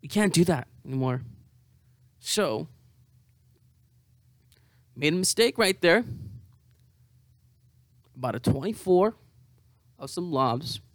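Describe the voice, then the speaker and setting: A man's voice: on the high side, animated, takes it slowly, long pauses, no echo. A hungover young man rambling to camera in a profane, self-mocking monologue. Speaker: vlogger.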